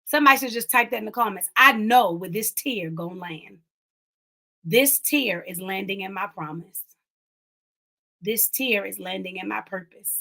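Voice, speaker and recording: A woman's voice: mid-range voice, normal speed, creaky, bright, forceful tone. A woman hosting an online inspirational talk, preaching with emphatic repetition and speaking directly to live viewers. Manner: emphatic, repeats lines, talks to live viewers. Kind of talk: preaching-style encouragement.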